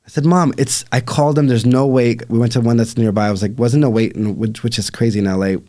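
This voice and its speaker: A man, a podcast guest and life coach, earnestly recounting a hard personal loss with reflective pauses. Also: mid-range voice, steady tone, warm tone. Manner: earnest, reflective, many fillers. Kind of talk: emotional personal storytelling.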